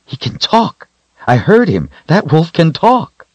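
Man playing jumpy young man, raised pitch, nervous. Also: a little slow, dry recording, dull audio. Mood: astonished. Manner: nervous, excitable.

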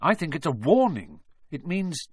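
An anxious schoolboy wizard presses his point in an urgent, rising voice, as a man reading a storybook puts him on. His pitch moves a lot. The recording is close and dry. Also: sing-song, normal speed, slightly rough, no room sound. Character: worried young schoolboy wizard.

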